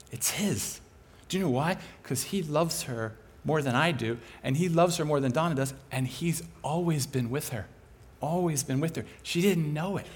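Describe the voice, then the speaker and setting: Animated higher-voiced male preacher. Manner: animated, chuckling storyteller. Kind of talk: sermon storytelling.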